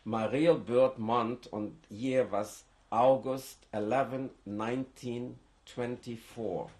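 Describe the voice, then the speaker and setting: An older man who grew up in Germany, seated indoors with a lapel mic, giving oral history testimony in a halting way with frequent restarts. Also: mid-range voice, fairly even intonation, darkish tone. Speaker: interviewee.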